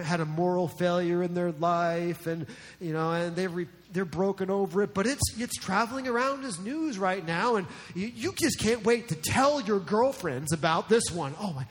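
A man from New Jersey preaching a sermon as a pastor, in a conversational, joking way. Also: sits high. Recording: long reverb in a large hall.

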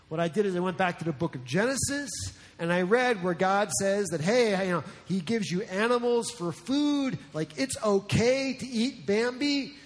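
High-voiced man preaching in a hall. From New Jersey. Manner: conversational, joking preaching. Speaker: pastor. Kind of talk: sermon. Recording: long reverb in a large hall.

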